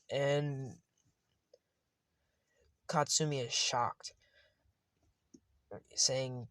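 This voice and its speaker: A man's voice: mid-range voice, steady tone, drawn-out words, pauses often, fairly bright tone, no echo. A man casually retelling a fan story, rambling and often correcting himself.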